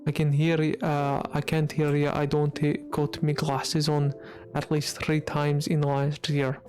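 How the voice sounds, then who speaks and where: A man's voice: on the high side, monotone, unhurried, soft background music. Man chatting in a mock Scottish brogue. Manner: playful put-on Scottish-Irish accent; talking quietly, resting his voice. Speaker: Minecraft streamer. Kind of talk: casual livestream chat while gaming.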